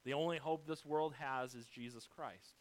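A man's voice: on the high side, fairly even intonation, moderate pace, low-quality recording. American man preaching with swinging dynamics. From United States. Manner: dynamic preaching, rising loud then dropping soft; speaks directly to congregation, lists numbered points. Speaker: pastor. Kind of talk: sermon.

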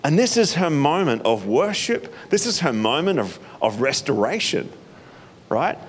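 Male pastor, animated sermon delivery, expressive pitch swings. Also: unhurried. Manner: animated, acts out reactions with laughs.

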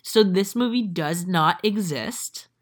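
Animated low-voiced woman podcast host. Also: takes it slowly. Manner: animated storyteller, acts out quotes, many fillers. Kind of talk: casual chat.

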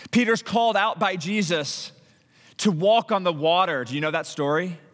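Pastor preaching a story-driven sermon, fairly high voice, echoing church room. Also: male voice, normal speed. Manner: animated storytelling with frequent restarts and acted-out quotes.

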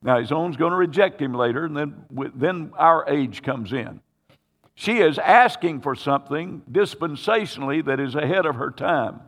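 A man's voice: a little high, expressive, normal speed, fairly bright tone. A man preaching a sermon, telling a scripture story dramatically and acting out its voices. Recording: hall reverb.

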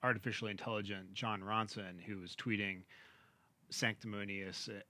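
A man's voice: on the low side, steady tone, normal speed, sharp tone, no room sound. A middle-aged man co-hosting a book podcast, wry and self-deprecating in casual talk. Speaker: podcast co-host. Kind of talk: casual book-club chat.

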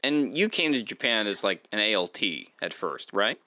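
A man's voice: on the low side, very animated, normal speed, pushed and bright, dry recording. A man hosting a podcast interview, asking rambling questions full of fillers. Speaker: podcast host. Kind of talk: casual interview chat.

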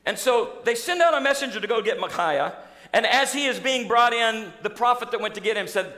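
A man preaching a sermon in a church, telling a story in an animated, acting-out way. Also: high-pitched, normal speed. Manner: storytelling, animated, acts out scenes. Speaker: pastor. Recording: echoey church hall.

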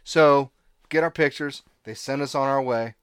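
A man's voice: medium pitch, moderate pace, clear, resonant tone, dry recording, clean studio sound. A man casually telling a long story, acting out what people said and laughing often. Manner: animated, laughing storyteller who acts out quotes.

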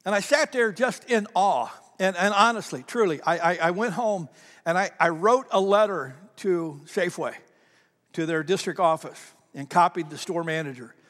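A man's voice: high voice, normal speed, a bit bright. A male pastor preaching a sermon in a conversational storytelling way, often repeating his words. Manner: conversational, repeats words, laughs at own stories. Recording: long reverb of a large hall.

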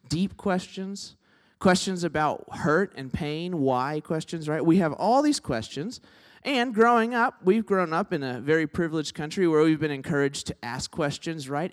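Chatty man preaching, a little high. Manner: conversational, tags lines with "right?"; self-deprecating storyteller. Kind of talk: sermon with humorous stories.

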